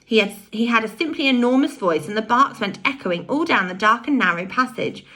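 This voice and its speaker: A woman reading a children's novel aloud with expressive storytelling. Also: a little high, a little fast. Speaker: audiobook reader.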